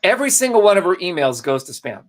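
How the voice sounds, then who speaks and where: A man's voice: high voice, fast talker. A man co-hosting a live marketing broadcast, talking casually and greeting viewers by name. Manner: animated, salesy, addresses viewers by name. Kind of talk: casual live-stream presentation.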